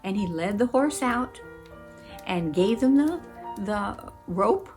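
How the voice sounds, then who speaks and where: Lively woman telling a story over music. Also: mid-range voice, takes it slowly. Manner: expressive, acts out voices and gasps. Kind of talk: animated storytelling. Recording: music playing behind.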